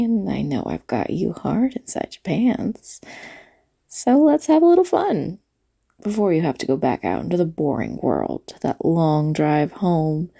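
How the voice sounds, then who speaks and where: A woman playing a husky, teasing diner waitress. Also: low-pitched, mellow, heavily acted. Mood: coaxing. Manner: teasing, drawn-out, breathy asides. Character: flirty late-night diner waitress, teasing, playful. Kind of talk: audio role-play monologue.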